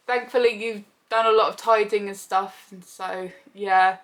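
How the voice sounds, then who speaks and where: A woman's voice: mid-range voice, measured pace, few pauses. A young woman, telling a personal story in a casual, chatty vlog and acting out what people said. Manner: chatty, animated retelling with quoted voices. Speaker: vlogger.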